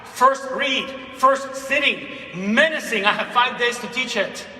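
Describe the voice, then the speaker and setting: High-voiced guy giving a keynote, repeats stuff for emphasis, sounds far off in a reverby hall. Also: measured pace. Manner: animated, dramatic read-aloud with repeated phrases. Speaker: keynote speaker. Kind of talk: conference keynote speech. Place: large hall.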